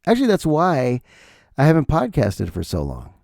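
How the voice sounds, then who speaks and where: Man, middle-aged, podcast host, somewhat high voice, ranting comic monologue, dry studio sound. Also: normal speed, creaky, dry recording. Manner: animated, ranting, jokey.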